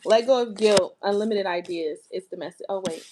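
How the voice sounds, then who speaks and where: A woman's voice: medium pitch, a little fast, noisy background. A woman giving a casual tarot reading, chatty and emphatic, talking straight to her viewers. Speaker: tarot reader.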